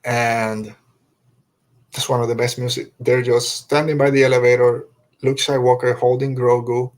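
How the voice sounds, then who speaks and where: A man's voice: medium pitch, flat delivery, normal speed. A middle-aged man hosting a podcast, reviewing an episode in an emotional, heartfelt way, sighing and restarting his sentences as he gets choked up. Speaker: podcast host.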